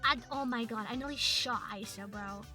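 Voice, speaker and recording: A young British woman streaming as a VTuber, chatting casually to her chat, excitable and swearing a lot with loud outbursts. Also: fairly high pitch, moderate pace, soft background music.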